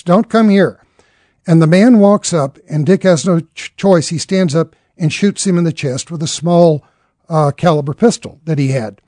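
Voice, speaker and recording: A man's voice: on the high side, dark tone, no room sound, studio quality. A man telling a dramatic story in an earnest way, acting out the characters' lines as he goes.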